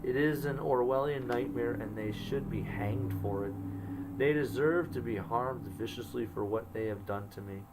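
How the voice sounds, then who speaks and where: A man's voice: mid-range voice, moderate pace, noisy background. A man telling his own story, reading his old journal entries aloud and adding wry asides. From Canada.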